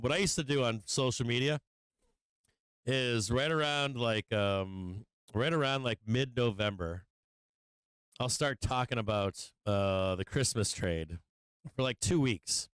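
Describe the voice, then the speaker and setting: A man hosts a live trading stream, musing loosely about the market and swearing freely when a trade annoys him. His voice is smooth and clear, set at an average pitch. The sound is dry and close, with little room around it. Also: animated, measured pace, a bit bright, dry recording, low-quality recording. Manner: profane, venting frustration, laughing at himself; rambling with fillers and restarts. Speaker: livestream stock trading host.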